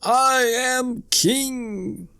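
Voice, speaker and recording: A tiny piping wren crowing in triumph. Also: male voice, very slow, gravelly, pushed and bright, smooth, exaggerated voice. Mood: boastful. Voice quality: high, small piping voice. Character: tiny proud male wren, boastful. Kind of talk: storybook narration.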